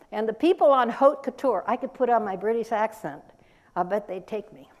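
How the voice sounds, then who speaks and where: An older woman giving a lively, emphatic conference talk and quizzing the audience as she goes. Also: a little high, a little fast. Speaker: workforce speaker.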